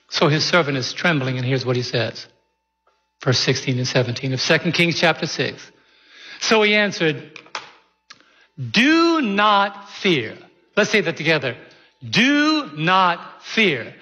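A man's voice: on the high side, pushed and bright, big-room sound, lo-fi sound. A man preaching a sermon in a church, in a folksy, conversational way full of rhetorical questions. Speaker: pastor.

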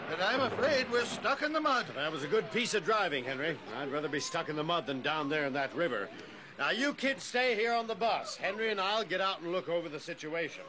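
An actor playing a teacher leading a school band trip, calm and reassuring in an old-time radio drama. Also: male voice, high-pitched, fairly quick, background noise.

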